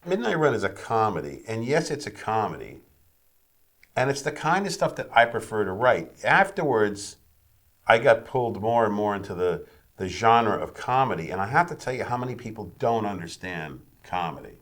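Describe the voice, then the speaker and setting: A man's voice: fairly low pitch, big pitch swings, moderate pace, fairly bright tone. A man, a screenwriter, speaking frankly and bluntly in a casual interview, swearing now and then.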